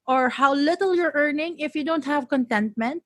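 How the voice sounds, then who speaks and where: A woman's voice: high voice, normal speed, no room sound, clean studio sound. A woman in her thirties, a podcast guest in casual chat, telling stories with lots of laughter and acted-out quotes. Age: 30s. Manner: animated storyteller, laughs often, acts out quotes.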